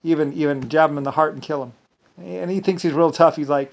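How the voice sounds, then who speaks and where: A man speaks to the camera in a loose, rambling monologue. His voice sits a little high for a man. He keeps restarting sentences and drops into quoted asides along the way. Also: fast, darkish tone. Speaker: vlogger.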